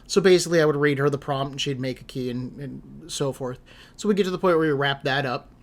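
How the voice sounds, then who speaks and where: Guy rambling through a frustrating story, exasperated, laughing at himself a bit, mid-pitch voice. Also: fast talker. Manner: rambling, exasperated, self-deprecating. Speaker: streamer telling a story. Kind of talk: casual storytelling chat.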